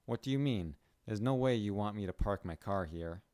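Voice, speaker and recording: An exasperated, sarcastic young woman who hates losing at pickup soccer, as a man reading the story puts her on. She snaps back in a low voice with a dry, close sound. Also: expressive, moderate pace, a little mellow, dry recording, natural voice. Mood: confused. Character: frustrated competitive young woman soccer player.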